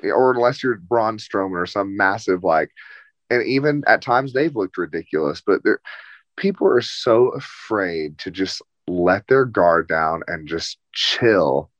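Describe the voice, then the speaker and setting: A man with a lowish voice talks bluntly and flamboyantly, swearing freely in casual chat. The sound is slightly dull and lo-fi. It is dry, with no room echo. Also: lively intonation, unhurried, a bit bright.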